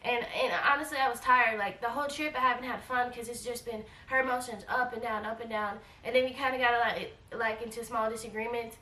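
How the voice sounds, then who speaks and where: A woman in her forties telling a travel storytime in a casual, animated way, acting out quoted lines and repeating herself. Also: on the high side, a little fast, hardly any pauses, far from the mic. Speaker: travel vlogger. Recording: echoey room, voice a bit off-mic.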